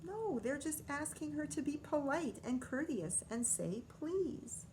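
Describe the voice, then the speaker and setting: A woman teacher reads a picture book to children in a slow, sing-song voice that rises and falls a great deal. She pauses to muse aloud and ask questions. Her voice sits on the high side, with faint room ambience behind her. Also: slight background noise. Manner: expressive, stops to comment and ask questions.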